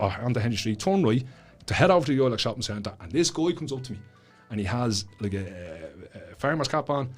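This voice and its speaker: A Dublin Irish man talks fast as a podcast guest, spinning an anecdote at a steady middle pitch. He swears freely and slips into the voices of the people in his story, with faint music underneath. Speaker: guest author. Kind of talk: animated storytelling.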